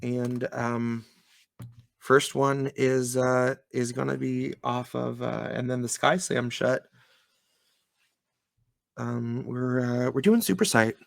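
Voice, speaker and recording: A man's voice: mid-range voice, steady tone, takes it slowly, gravelly, long pauses, no room sound, clean studio sound. A man co-hosting a live stream, chatting casually about his music, joking and laughing often. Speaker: co-host and musician.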